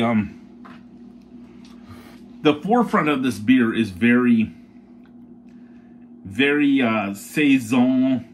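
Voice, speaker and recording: A man's voice: mid-range voice, slight background noise. A man hosting a beer review, talking in a casual, blunt way with plenty of swearing and rambling restarts. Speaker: beer reviewer, show host.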